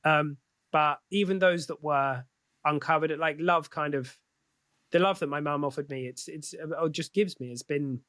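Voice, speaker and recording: Candid man, rather high voice. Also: fairly bright tone, no echo. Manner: candid, swears freely, halting restarts. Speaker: podcast guest. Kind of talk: casual conversation.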